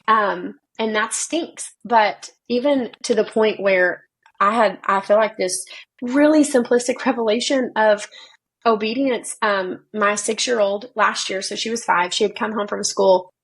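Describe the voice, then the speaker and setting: A young adult woman, a children's pastor, telling lively personal stories in a casual faith conversation and acting out the dialogue. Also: medium pitch, a little slow, husky, rough recording. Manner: lively storyteller who acts out quoted dialogue. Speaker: children's pastor, podcast guest.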